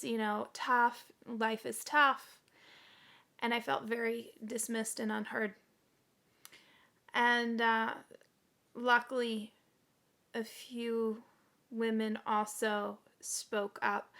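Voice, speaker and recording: A woman in her forties talking earnestly to camera in a casual home vlog, halting now and then with fillers. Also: on the high side, creaky, a bit bright. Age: 40s. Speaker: vlogger. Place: indoors at home.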